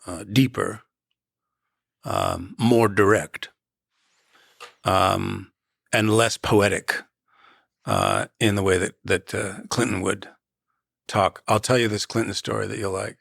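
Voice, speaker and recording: A man with a gravelly, husky voice talks slowly through his thoughts as an interview guest, circling back and restarting phrases before he lands on a point. The sound is close and dry, with no room around it. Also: fairly low pitch, a bit bright, no room sound. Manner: measured, storytelling, restarts phrases. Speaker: actor and guest. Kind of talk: reflective interview talk.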